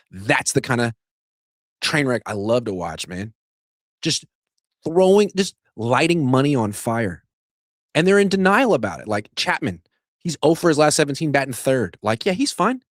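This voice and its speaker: A man's voice: mid-range voice, no room sound, clean studio sound. A man hosting a sports show, ranting in casual, sarcastic commentary that is full of swearing, and getting worked up as he goes. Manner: animated, sarcastic, swears, rants at length. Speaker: sports podcast host.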